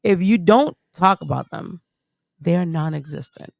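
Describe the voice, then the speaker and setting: A woman co-hosting a stream talks bluntly and curses freely. Her voice is gravelly with vocal fry, and the sound is dry and close. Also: lowish voice, expressive, unhurried, dry recording. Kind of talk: casual stream chat.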